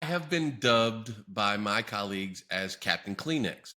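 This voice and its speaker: A man's voice: lowish voice, expressive, a little slow, bright, forceful tone. A man hosting a podcast, telling a self-deprecating story in casual chat. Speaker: podcast host.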